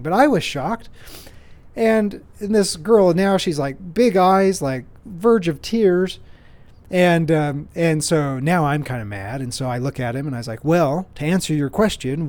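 A man's voice: on the high side, a little mellow. A man hosting his own show, chatting casually and rambling with lots of restarts and playful self-mocking humor. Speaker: podcast host. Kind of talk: casual solo storytelling.

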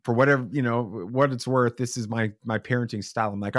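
A man with a somewhat low voice tells a long story as a podcast guest, animated and casual, slipping into other voices for the quotes. The sound is close and dry. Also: fairly quick, no echo. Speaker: father.

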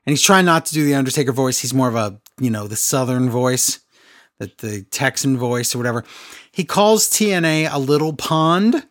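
A man's voice: medium pitch, animated, moderate pace. Male podcast co-host, sarcastic and exasperated, casual recap delivery. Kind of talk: casual wrestling podcast chat.

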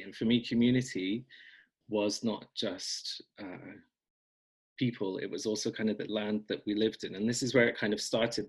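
Guy, low husky voice, rambly and jokey about himself. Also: poor audio. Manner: rambling, self-deprecating, frequent ums and laughs. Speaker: podcast guest, folk magic blogger. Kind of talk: casual interview chat.

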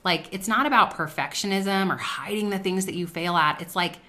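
A woman's voice: mid-range voice, moderate pace, bright, forceful tone. A woman hosting a faith-based business talk, speaking earnestly and conversationally and sharing personal stories. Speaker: podcast host.

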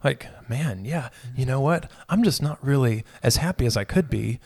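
A man's voice: mid-range voice, animated, normal speed, vocal fry, darkish tone, dry recording. A man who is a pastor, in a casual conversation about faith, thinking aloud and often correcting himself.

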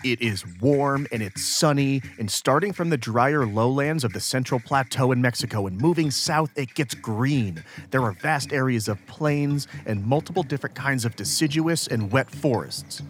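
A man's voice: medium pitch, animated, moderate pace, hardly any pauses, slight background noise. Wry man narrating a history podcast. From upstate New York, US. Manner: wry, self-deprecating. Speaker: podcast host.

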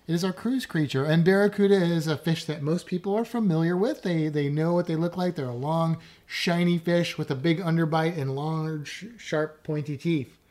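A woman's voice: low voice, moderate pace, hardly any pauses, mellow. A woman co-hosting a podcast in casual, rambling, self-deprecating chat. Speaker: podcast co-host.

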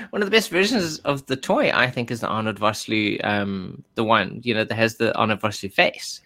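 A man's voice: on the low side, animated, normal speed, sharp tone. A man chatting casually as a podcast co-host, hesitant with many ums and restarts. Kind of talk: casual chat.

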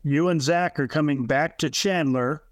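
A man hosting a podcast, calmly asking short probing questions. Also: a little high, moderate pace, no echo, clean studio sound. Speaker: podcast host interviewer. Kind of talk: interview questions.

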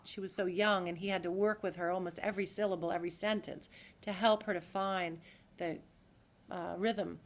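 An actress talking as a podcast guest in an animated, demonstrative way. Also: female voice, mid-range voice. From United States. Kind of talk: interview.

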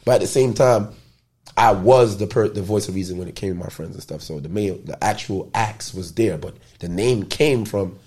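On the low side with a breathy edge, a man from the Bronx talks at a moderate pace. He's being interviewed casually and spins loose, lively stories laced with slang and cursing.

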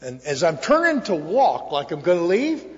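A man's voice: sits high, huge pitch swings. Earnest older man speaking in an echoing hall. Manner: earnest, emotional, with pauses and restarts. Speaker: recovery meeting speaker. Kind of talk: personal testimony talk. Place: large hall before an audience. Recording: echoey hall, dull lo-fi sound.

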